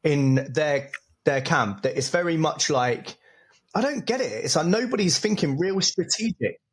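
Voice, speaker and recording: Higher-voiced man, lively and laughing. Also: moderate pace. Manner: laughing, storytelling. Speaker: podcast co-host. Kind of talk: casual chat.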